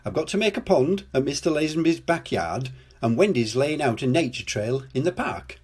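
An older man voicing a cheerful, friendly male builder in a children's storybook, brisk and encouraging. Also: fairly high pitch, animated, darkish tone, breathy edge.

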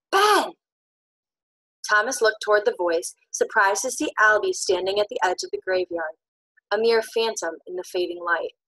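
A woman giving an expressive audiobook narration, moving between loud tension and hushed suspense. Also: medium pitch, vocal fry, no echo, rough recording.

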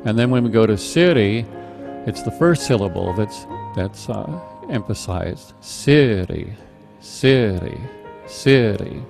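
A middle-aged man teaching a live online meditation class, calmly explaining a chant with patient, halting restarts. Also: lowish voice, gravelly, music in the background. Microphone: video call microphone.

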